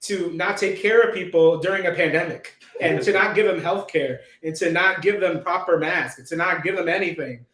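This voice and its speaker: High-voiced guy hosting, keeps laughing, kinda mocking, echoey room. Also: moderate pace, hardly any pauses, distant mic. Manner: laughs a lot, mocking, animated. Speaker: host. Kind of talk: casual commentary. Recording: roomy echo.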